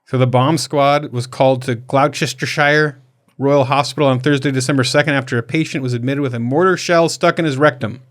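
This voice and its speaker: Man, podcast host, casual comedic chat, rambling, laughs a lot, mid pitch. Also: a little fast. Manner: rambling, laughing, animated storytelling.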